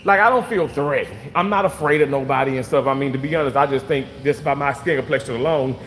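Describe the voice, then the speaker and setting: A man casually venting to his viewers, animated and swearing freely, repeating himself for emphasis. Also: mid-range voice, fast, in a large hall, a little hiss or hum. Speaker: vlogger reading live chat.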